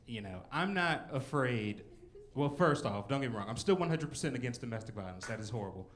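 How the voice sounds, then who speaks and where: A man's voice: medium pitch, animated, brisk, fairly bright tone. A man in his twenties doing a rambling, self-mocking stand-up set in a comedy club. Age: 20s. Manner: rambling, self-mocking, with frequent "you know" and "like".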